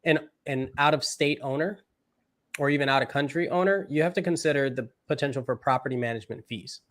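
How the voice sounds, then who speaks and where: This is a male co-host on a real estate chat show. His voice sits at an ordinary middle pitch. He talks in a measured, explanatory way, laying out costs and caveats for listeners. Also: a bit bright. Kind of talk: casual chat giving real estate advice.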